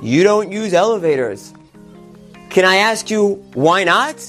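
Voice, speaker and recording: A man's voice: mid-range voice, sing-song, brisk, darkish tone, faint music behind, close to an everyday voice. A man voicing a puzzled hotel manager who questions a guest sharply in a told story. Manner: startled, questioning.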